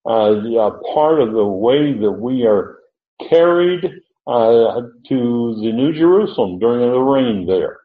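A man teaching through a Bible passage verse by verse, thinking aloud with many pauses and restarts. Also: on the low side. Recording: echoey room on a tinny, phone-like line.

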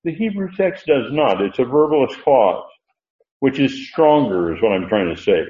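An older man teaching a Bible study as a preacher, unhurried and halting, with many fillers. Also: medium pitch, big pitch swings, dark tone. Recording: roomy, dull lo-fi sound.

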